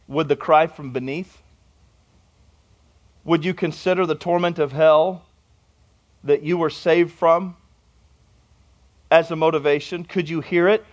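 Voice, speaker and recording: Male pastor with a high voice, fervent sermon delivery that builds in intensity. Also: fairly even intonation, moderate pace, long pauses. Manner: impassioned preaching, climbing in pitch and volume.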